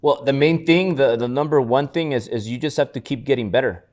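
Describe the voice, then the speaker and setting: A man's voice: mid-range voice, a little fast. A man co-hosting a podcast, telling stories in casual motivational chat, often restarting words and acting out others' lines. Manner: repetitive restarts, animated storytelling. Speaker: podcast co-host.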